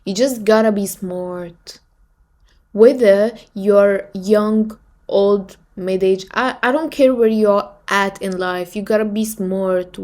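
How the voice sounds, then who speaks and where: A woman comments in a firm, preachy tone, driving her points home by repeating them. Her voice is mid-pitched and measured. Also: steady tone, a little mellow. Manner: preachy, emphatic, repeats advice. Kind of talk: advice commentary.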